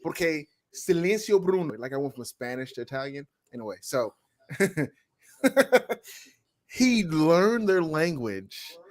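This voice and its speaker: A man's voice: mid-range voice, animated, slow pace, pauses often, no echo. A man in a casual review chat, playful and teasing, emphatic when he makes a point. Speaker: guest reviewer.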